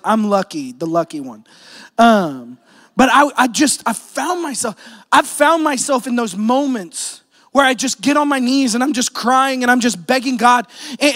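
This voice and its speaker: A man preaching a sermon as a pastor. He swings from hushed, intimate talk to shouted appeals, telling personal stories with self-deprecating asides. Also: very high voice, long reverb tail. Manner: repeats "here's the thing", storytelling with self-deprecating asides.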